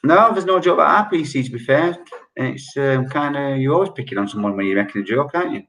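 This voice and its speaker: A man hosting an online quiz, chatty and joking, reading each question slowly and repeating it. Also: mid-range voice, lively intonation, creaky, fairly bright tone. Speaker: quiz host. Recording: echoey room.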